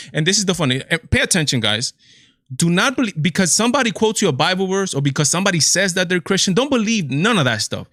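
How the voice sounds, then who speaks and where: A man's voice: on the high side, a bit bright, dry recording, clean studio sound. A man with a Latino accent hosting a political commentary livestream, exasperated and incredulous, firing off rhetorical questions. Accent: Latino English. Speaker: show host.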